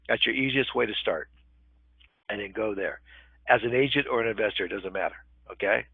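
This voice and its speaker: Gravelly older man on a tinny line. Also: fairly low pitch, brisk, dry recording. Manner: conversational, often checks in with "okay?". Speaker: real estate webinar instructor. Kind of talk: live webinar teaching. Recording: tinny phone-line webinar audio, dry.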